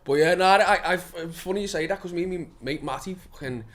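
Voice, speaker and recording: Sweary man, rambling and animated. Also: high-pitched, fast. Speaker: actor guest. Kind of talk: casual chat.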